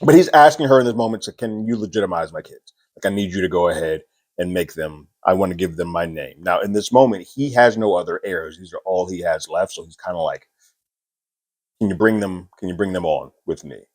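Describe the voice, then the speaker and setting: The TV recap host here has a voice that sits low, a little mellow, and he talks a bit fast. He laughs between points as he casually paraphrases the episode's scenes, chatty, amused, and full of fillers.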